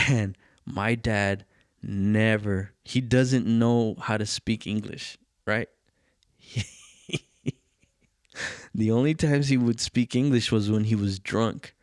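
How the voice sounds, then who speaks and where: Low-voiced man telling a profane story. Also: slow, pauses often, no room sound, clean studio sound. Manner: profane, animated, acts out quoted voices. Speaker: podcast host. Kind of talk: casual storytelling.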